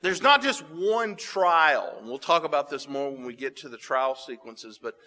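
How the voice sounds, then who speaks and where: A man preaching a sermon, reading scripture aloud and explaining it with dramatic pauses. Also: on the high side, animated, pushed and bright. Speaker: pastor. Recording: long hall reverb.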